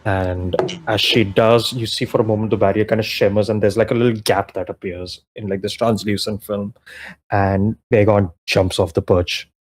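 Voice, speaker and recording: A man's voice: fairly low pitch, fairly even intonation, moderate pace, breathy edge. A young man narrating as game master in a tabletop game, casual and full of fillers, often laughing.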